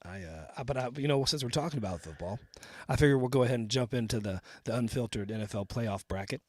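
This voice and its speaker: A man's voice: medium pitch, fast talker, darkish tone, dry recording. A man from Texas hosting a comedy podcast, talking bluntly and with plenty of swearing. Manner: blunt, profane, emphatic. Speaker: podcast host. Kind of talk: casual comedy podcast chat.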